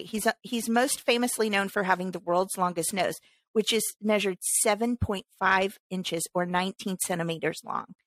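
A woman's voice: mid-range voice, fairly bright tone, no echo. A woman co-hosting a casual podcast chat, emphatic and ranting as she talks. Her voice sits in a middle range for a woman. It is recorded close on a podcast mic with a dry, dead sound and no room around it. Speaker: podcast co-host.

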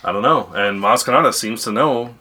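Very low-voiced playful woman host. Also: brisk, pushed and bright. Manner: playful, jokey, laughs easily. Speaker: podcast host. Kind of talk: casual family podcast chat.

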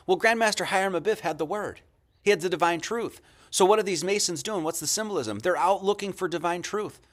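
A man's voice: high voice, fairly quick, a bit bright. A man giving casual lecture commentary over a video he plays, asking rhetorical questions and answering them himself. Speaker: host commenting on a played video.

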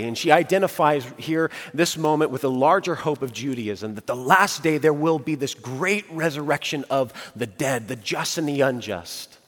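A man preaching a sermon, dramatic, dropping to a hush and then rising to emphatic outbursts. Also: fairly high pitch. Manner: dramatic, swings from hushed to emphatic. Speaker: pastor. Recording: long hall reverb.

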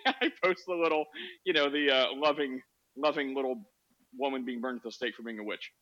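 A man's voice: medium pitch, expressive, normal speed, sharp tone, highs cut off. A man hosting a podcast, telling a story in a sarcastic, laughing, casual way on a social audio app. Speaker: podcast host.

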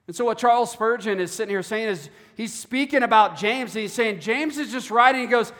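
A man with a notably high voice delivers an earnest sermon, often doubling back on his words. His voice rings out in a church hall with a long reverb trailing behind. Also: brisk, fairly bright tone. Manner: earnest, repeats words while preaching. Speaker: pastor.

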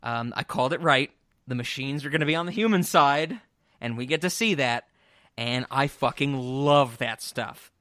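A man co-hosting a casual film podcast, excitable and rambling, swearing freely as he talks. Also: mid-range voice, moderate pace, dry recording, studio quality. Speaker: podcast co-host.

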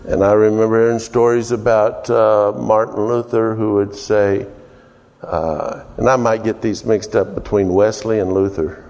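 A man preaching an informal sermon, rambling and unhurried with many fillers, his voice ringing with long hall reverb. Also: fairly low pitch, steady tone, darkish tone.

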